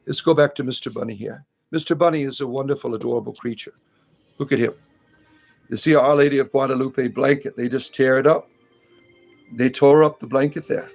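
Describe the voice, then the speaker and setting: A man's voice: medium pitch, fairly even intonation, fairly quick, gravelly, a little mellow, faint music behind. A man hosting a casual livestream, rambling bluntly and jokingly, then cooing at his pet rabbits. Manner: rambling, blunt and jokey, coos at his pets. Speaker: spiritual comedy streamer.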